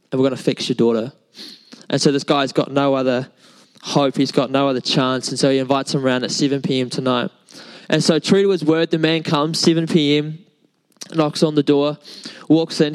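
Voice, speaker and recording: A man's voice: on the high side, clear, resonant tone, rough recording. A young man, preaching a sermon in a casual, chatty storytelling way with many fillers. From New Zealand. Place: church service.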